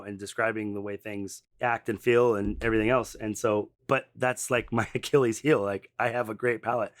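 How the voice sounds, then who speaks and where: Bright, dry-sounding man chatting loosely. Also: fairly low pitch, dry recording. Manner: loose, rambling, laughs often. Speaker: podcast co-host. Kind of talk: casual chat.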